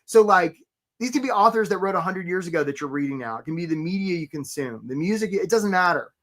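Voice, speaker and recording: A man coaching job seekers on a live webinar, animated and casual, often stopping to greet attendees by name. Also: high voice, quick pace. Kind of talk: energetic live webinar talk.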